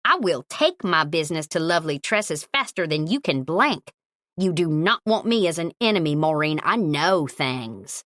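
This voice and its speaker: Woman reading spunky older lady, bossy and sharp, low-ish voice. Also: expressive, normal speed, no echo, clean studio sound. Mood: scolding. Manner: sharp, scolding, commanding.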